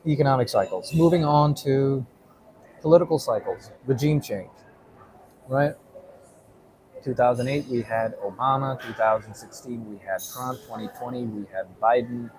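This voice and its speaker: A man's voice: mid-range voice, moderate pace, darkish tone, a little hiss or hum, poor audio. A man giving a casual explainer monologue, rambling with many fillers and tagging points with "right?". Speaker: vlogger.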